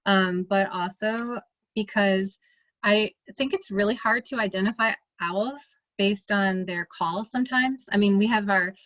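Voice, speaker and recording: A woman with a Midwestern American accent, an ornithologist giving a relaxed, chatty presentation over a video call, full of fillers and restarts. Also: medium pitch, dry recording. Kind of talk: casual presentation.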